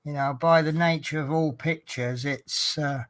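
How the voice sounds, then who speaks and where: A vlogger who works as a coach driver chats in a relaxed way while doing a craft hobby at home, speaking unhurriedly in a fairly high, steady, fairly bright voice. He jokes at his own expense and asks viewers questions.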